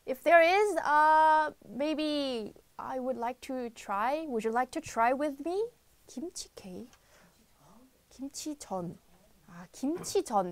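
A young South Korean woman hosts a live-stream quiz show, chatting in a bubbly way and reading viewer comments with excited outbursts. Her voice sits high, and there's no echo.

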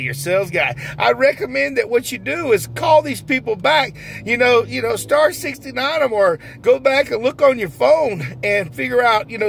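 A man hosting a comedic mock interview, with a gravelly, lively voice. He chuckles through his folksy questions, and a faint traffic hum runs behind him. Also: very high voice, low-quality recording. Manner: laughing often, folksy, plain-spoken. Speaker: comedy host posing as an interviewer.

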